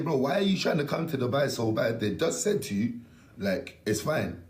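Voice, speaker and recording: A man's voice: mid-range voice, animated, normal speed. Young man, slangy, emphatic rant, swears a lot, roomy echo on the mic. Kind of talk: casual ranting story.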